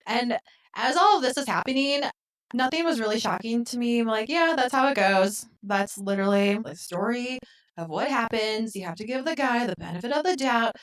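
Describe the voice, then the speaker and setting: A woman co-hosting a podcast, retelling a film in casual chat and acting out the characters' lines with lively swings. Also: fairly high pitch, brisk. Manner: animated retelling, acts out quotes. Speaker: podcast co-host. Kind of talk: casual movie recap chat.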